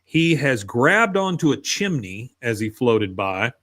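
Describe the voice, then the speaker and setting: A man chats through a rewatch recap at a relaxed, conversational clip. His voice sits in an ordinary middle pitch, and he keeps breaking into quick impressions of the characters as he tells the story. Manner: retells scenes, acting out characters' lines in quick put-on voices. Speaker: podcast host. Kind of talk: casual recap chat.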